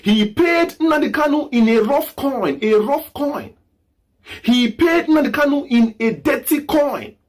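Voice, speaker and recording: Male commentator, impassioned and repetitive, animated pitch, occasional shouts. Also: measured pace. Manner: preachy, repetitive, rhetorical questions, bursts of shouting. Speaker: political commentary host.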